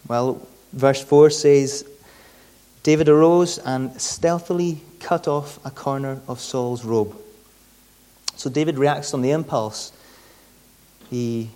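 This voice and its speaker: A man's voice: medium pitch, dark tone. A man preaching a sermon in a conversational way, often repeating words as he searches for the next phrase.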